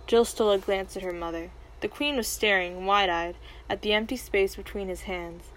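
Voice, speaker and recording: A woman reading a storybook aloud, expressive and lively, with a mid-range voice. She narrates in an animated way. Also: medium pitch, normal speed, few pauses, slight background noise, poor audio.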